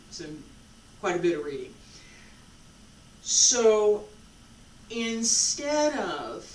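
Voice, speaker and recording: A qigong instructor guides a breathing session at a very slow, even pace, letting long pauses fall between a repeated calm phrase. The voice sits at a middle pitch and sounds distant from the mic. The room gives it a roomy echo over faint background ambience. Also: slight background noise.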